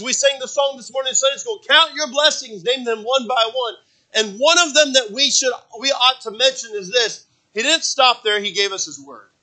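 A man preaching a sermon as pastor, repeating phrases for emphasis and swinging between loud emphatic peaks and hushed low passages. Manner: repeats phrases for emphasis, asks the congregation for amens.

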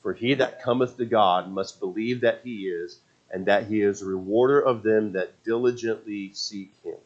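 In a muffled recording, a man with a fairly low-pitched voice preaches at a moderate pace. He brings the story to life by acting out what the characters say, and when he gets worked up he repeats and restarts his phrases.

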